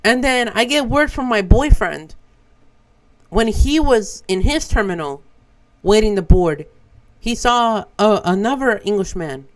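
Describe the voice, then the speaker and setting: A young man with a high voice, a streamer from Brazil whose first language is Portuguese. He tells a story in a loose, animated way and swears freely. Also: a little slow, rough recording. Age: young adult. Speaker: vtuber streamer. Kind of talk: casual storytelling.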